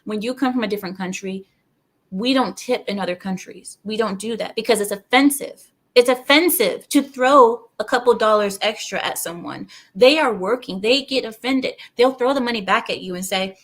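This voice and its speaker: A woman's voice: a little high, normal speed. Ranting woman host talking to viewers. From outside America. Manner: animated, ranting, asides to viewers. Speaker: channel host. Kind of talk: casual opinion commentary to viewers.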